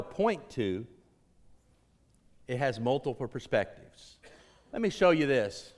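A middle-aged man preaching a sermon, building to loud, impassioned emphasis on key lines. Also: medium pitch.

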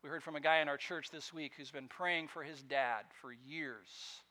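A man preaching a sermon as pastor in a church, emphatic, swinging from quiet asides to loud, ringing lines. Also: mid-range voice.

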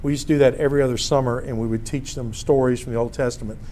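A man teaching a casual Bible lesson, telling stories in an animated way and often breaking off to restart a phrase. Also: medium pitch, racing, slight background noise. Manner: storytelling, animated, self-interrupting.

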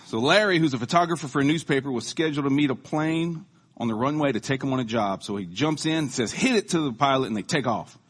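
A man's voice: medium pitch, fast, husky. A man giving a casual sermon in a conversational, joking, self-deprecating manner. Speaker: lay preacher.

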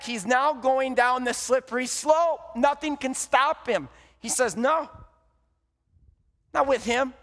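High-voiced guy preaching, big dramatic swings loud to quiet, long echo like a church hall. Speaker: pastor. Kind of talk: sermon.

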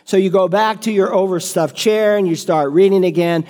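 A man's voice: high-pitched, normal speed, a little mellow. A man preaching an emphatic, rhetorical sermon as pastor in a church sanctuary. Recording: long church reverb.

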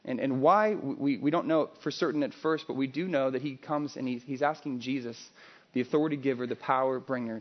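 Animated male preacher, dull recording. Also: medium pitch. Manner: conversational, animated storytelling with restarts. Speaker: pastor. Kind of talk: sermon.

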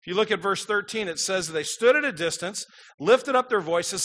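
A man's voice: high voice, expressive, moderate pace, a bit bright. A man preaching a sermon, reading scripture aloud and explaining it, his voice rising with emphasis.

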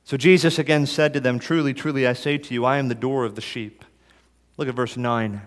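A man preaching a sermon as pastor, dropping soft and slow, then rising loud in appeals. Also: medium pitch, steady tone, long reverb tail.

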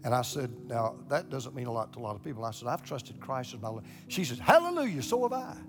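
Speaking at a quick pace, an older man preaches to his congregation, animatedly recounting a personal story and acting out the voices he quotes. When excited he stumbles and repeats words. His pitch sits in an ordinary middle range, with guitar music playing clearly beneath him.

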